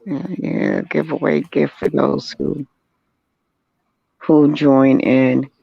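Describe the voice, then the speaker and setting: A woman hosting a casual chat show, talking in an animated, storytelling way. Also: very deep voice, takes it slowly, creaky, slightly rough. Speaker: host. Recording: dull lo-fi sound.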